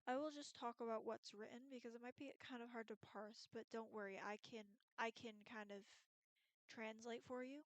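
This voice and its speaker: A woman's voice: fairly high pitch, fairly even intonation, moderate pace. A young woman from Pennsylvania chatting casually to camera on her vlog, with lots of ums and likes. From Pennsylvania, USA. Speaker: YouTuber.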